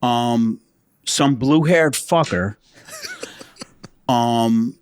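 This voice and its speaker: A man's voice: medium pitch, drawn-out words, a little hiss or hum. A man, a former state trooper, telling stories on a podcast in a blunt, profane way, acting out what people said. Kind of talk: casual podcast storytelling.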